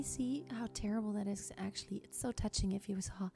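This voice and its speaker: A woman teaching a singing lesson, speaking with enthusiasm and encouragement and now and then dropping to a breathy tone to show voice colors. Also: medium pitch, steady tone, fairly quick, few pauses, over loud music. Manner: enthusiastic, encouraging, shifts between strong and breathy tones. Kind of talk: vocal lesson with sung demonstrations.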